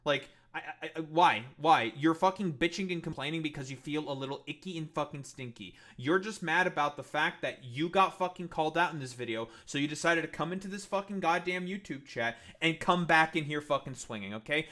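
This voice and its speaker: A man's voice: on the high side, animated, brisk, few pauses, pushed and bright. A man streaming live, ranting in a profane, combative and dismissive way, rambling with many fillers. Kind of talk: casual livestream rant.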